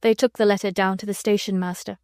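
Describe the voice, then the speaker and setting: A woman narrating a classic children's novel as an audiobook, in a gentle storytelling manner. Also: medium pitch, little pitch movement, fast, clean tone, dry recording, studio quality. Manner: gentle storytelling, voicing children and adults lightly. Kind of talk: scripted narration.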